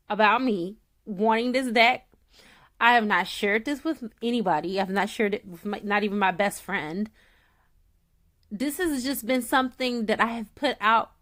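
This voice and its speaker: A woman with a fairly high voice chats straight to her viewers as a tarot reader. She gushes and gets emotional, close to tears. Her talk swings from soft and low to loud and excited. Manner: emotional, gushing, near tears. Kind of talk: casual chat to viewers.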